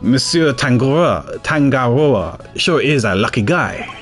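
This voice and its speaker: Guy doing a french-accented eager young sidekick, excitable, bouncy pitch. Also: a little slow, faint music behind, lightly acted. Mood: eager earnest. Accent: put-on French. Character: eager young male assistant, earnest and excitable. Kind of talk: reading game dialogue aloud.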